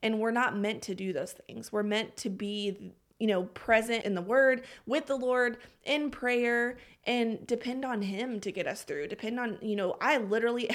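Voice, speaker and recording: A woman's voice: medium pitch, moderate pace, hardly any pauses, a bit bright. A woman, hosting a faith-based podcast and talking earnestly and heartfelt, close to tears. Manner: earnest, heartfelt, confessional, addresses listeners as y'all and friend. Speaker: podcast host.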